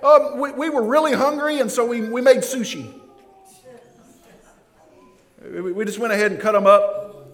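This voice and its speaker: Stammering fishermen caught in a lie, as a man puts them on mid-sermon come through in a high, hesitant voice. The words trip over each other, and a long reverb from the hall trails after them. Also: a little fast, fairly bright tone. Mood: sheepish. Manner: stammering, higher pitched. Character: sheepish fishermen making excuses.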